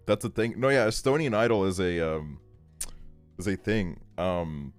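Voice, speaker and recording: A man's voice: low-pitched, lively intonation, normal speed, smooth, no room sound, soft background music. A young man streaming a game, telling a casual story in a rambling way, full of fillers and swearing. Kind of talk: casual storytelling while gaming.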